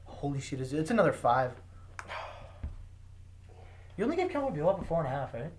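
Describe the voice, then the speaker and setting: A young man co-hosting a casual podcast, excitable and enthusiastic, using slang. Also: a little high, brisk, a little hiss or hum. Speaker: podcast co-host. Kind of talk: casual chat.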